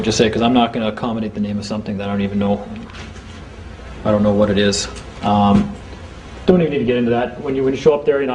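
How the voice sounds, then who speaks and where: A man giving an informal seminar talk to a small group, chatty, acting out courtroom exchanges in quick quoted voices. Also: medium pitch, darkish tone, slight background noise, low-quality recording. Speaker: seminar speaker.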